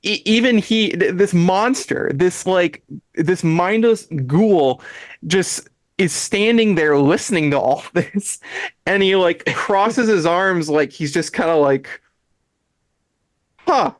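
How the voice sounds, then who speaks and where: A podcast host with a high-pitched voice speaks slowly as he animatedly retells an episode in casual chat. He voices the characters' lines, laughs often, and keeps restarting sentences, with no echo on the recording.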